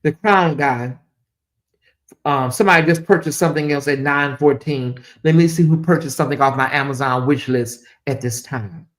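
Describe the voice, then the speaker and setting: A woman's voice: extremely low pitch, normal speed. Woman on a livestream going off at folks, blunt and preachy, swears a lot, talks straight to her viewers. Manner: addresses viewers directly. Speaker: commentary channel host. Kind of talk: livestream commentary.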